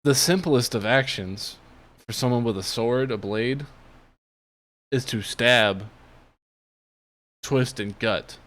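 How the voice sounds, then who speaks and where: A man's voice: mid-range voice, takes it slowly, long pauses, fairly bright tone. A man giving a casual, sarcastic commentary review of a TV show, mocking what he watches.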